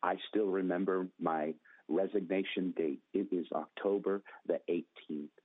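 A man's voice: fairly even intonation, a little slow, no room sound. Man telling a dramatic story over a tinny line. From Northern California. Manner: dramatic, acts out quotes with raised pitch. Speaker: guest telling his testimony. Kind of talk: storytelling testimony. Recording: tinny phone-like dry sound.

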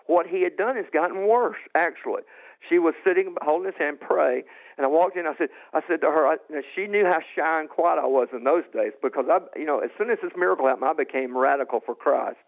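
A man telling his personal testimony with excitement, often restarting and repeating himself and jumping high and loud as he relives what happened. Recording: tinny phone-like sound.

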